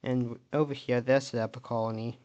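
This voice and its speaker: A man's voice: medium pitch, level tone, fairly quick, darkish tone. A man casually narrating an alternate-history map video, thinking aloud and correcting himself as he goes.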